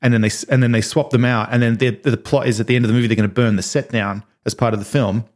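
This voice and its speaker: A man casually chatting on a podcast, retelling movie scenes and acting out the quotes. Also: fast talker. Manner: animated storyteller, acts out quotes in high voices. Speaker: podcast co-host. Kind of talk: casual chat.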